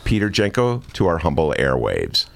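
A man's voice: rumbling low, wildly swooping pitch, moderate pace, vocal fry. A man hosting a radio talk show, speaking in a wry, easygoing drawl. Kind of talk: casual radio chat and interview.

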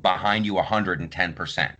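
Brisk and deep-voiced, a man hosting a podcast recounts stories in easygoing chat. His storytelling is animated, and he acts out what the people in them said.

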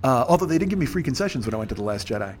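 A man hosting a podcast in casual chat, ranting with profanity and self-deprecation, his loud emphatic bursts dropping to mumbles. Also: mid-range voice, very animated, very fast, slight background noise. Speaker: podcast host.

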